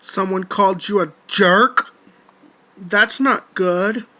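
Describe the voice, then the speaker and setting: A man replying to another video, speaking in a measured, lecturing tone with stiff phrasing. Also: high voice, pushed and bright. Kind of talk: calm commentary.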